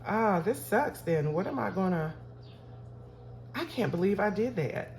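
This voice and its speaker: A woman's voice: mid-range voice, lively intonation, a little slow, a little mellow, slight background noise. A woman, talking casually to her viewers while counting cash for her budget. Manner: chatty, talks to viewers as y'all, counts aloud. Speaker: budgeting vlogger.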